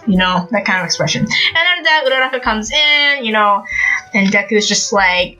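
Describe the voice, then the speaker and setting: Chatty woman with a bright voice. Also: medium pitch, normal speed, soft background music. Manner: chatty, many fillers and asides. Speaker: podcast host. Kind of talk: casual manga commentary.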